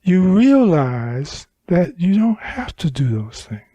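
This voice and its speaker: A man's voice: high voice, very animated, slow, warm tone, husky, dry recording, dull audio. A man giving a Buddhist dharma talk at a retreat center, teaching unhurriedly with emphatic repetition.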